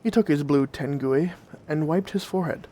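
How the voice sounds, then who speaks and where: A man narrating old folk tales in a gentle, old-fashioned fireside storytelling manner. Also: on the high side, moderate pace.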